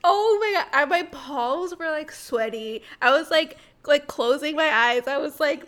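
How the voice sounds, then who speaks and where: Young woman co-host, very high voice, excitable and giggly in casual chat. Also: a little slow. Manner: excitable, laughs a lot. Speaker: podcast co-host.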